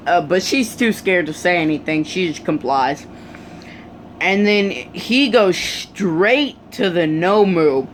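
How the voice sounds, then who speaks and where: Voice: medium pitch, a little slow, slight background noise. A speaker casually retelling a fan story, rambling with many fillers.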